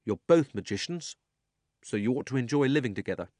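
A man's voice: medium pitch, lively intonation, fairly quick, no room sound, studio quality, voice pushed up, natural voice. Man doing a defiant young boy. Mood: firm. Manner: shouting, defiant.

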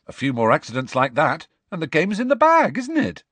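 A man's voice: fairly high pitch, huge pitch swings, a little fast, fairly bright tone, slightly rough, no echo, pitched above the performer's own voice, exaggerated voice. A man voicing a firm, encouraging teenage boy in an audiobook reading. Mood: bracing. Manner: firm, bracing.

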